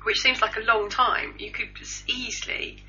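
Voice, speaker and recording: A woman's voice: a little high, fairly even intonation, moderate pace, bright, forceful tone, faint music behind. A woman co-hosting a casual homemade news chat, reading out gossip items with dry jokes. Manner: dry, joking news rundown. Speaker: podcast co-host. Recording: lo-fi home recording.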